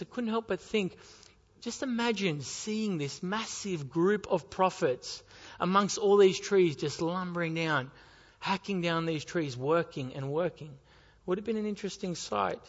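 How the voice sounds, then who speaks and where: A man's voice: fairly high pitch, a bit bright. A man preaching a sermon as pastor, telling stories and asking rhetorical questions. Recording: dull sound with long hall reverb.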